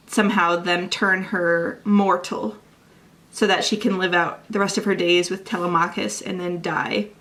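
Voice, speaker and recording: In her reading vlog, this young woman gushes through casual chat, sprinkling in light swearing and plenty of "like." She has a mid-range voice with a fairly bright tone.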